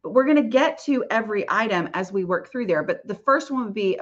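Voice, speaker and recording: A woman's voice: mid-range voice, expressive, brisk, few pauses, dull audio. A woman hosting a casual live Q&A and answering viewer questions, talking in a chatty, rambling way with many fillers and restarts.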